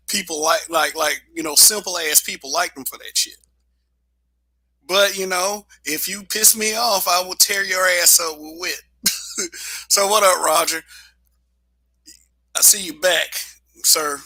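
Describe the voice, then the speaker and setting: A man's voice: on the high side, sharp tone, dry recording. A man hosting a casual livestream monologue, blunt and profane, laughing often. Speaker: show host.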